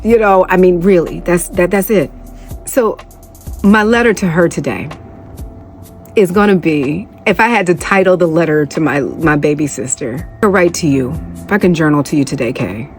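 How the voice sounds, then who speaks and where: A woman's voice: on the low side, moderate pace, soft background music. A young adult woman hosting a podcast, talking from the heart in a casual, conversational way. She is emotional and close to tears. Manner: heartfelt, conversational, addresses listeners as y'all. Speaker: podcast host. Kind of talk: emotional personal podcast talk, then guided meditation.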